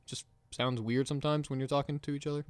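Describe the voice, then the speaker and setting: A man co-hosting a casual gaming podcast, talking fast and excitedly, laughing and mimicking game characters. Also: medium pitch, clear, resonant tone, no echo, studio quality. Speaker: podcast co-host.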